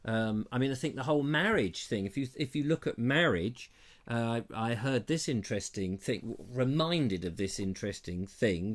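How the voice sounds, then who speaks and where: A man from England hosting a live online chat show, reading out viewer comments in a rambling, self-deprecating way. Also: medium pitch.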